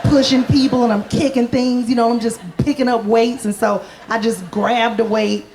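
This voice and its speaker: A woman's voice: on the high side, fairly even intonation, moderate pace, darkish tone, a faint crowd, a little hiss or hum. A woman performing a stand-up comedy set. She is playful and self-mocking, and she acts out the voices of the people in her stories.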